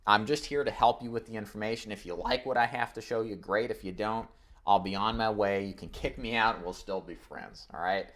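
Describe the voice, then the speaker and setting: A man's voice: on the low side, brisk, fairly bright tone. A man teaching insurance agents in a live online training, coaching with energy and acting out phone scripts. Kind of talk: live webinar sales training.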